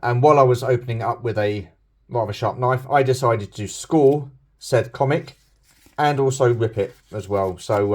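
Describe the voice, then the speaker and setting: A man's voice: mid-range voice, unhurried, a little mellow. A middle-aged British man chatting casually about his toy collection, rambling and self-deprecating with plenty of fillers. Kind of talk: casual unboxing commentary.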